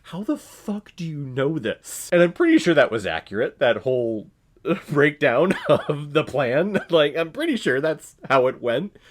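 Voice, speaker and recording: A man reviewing a film in a casual vlog, blunt and profane, often breaking into laughter. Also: medium pitch. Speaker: movie reviewer.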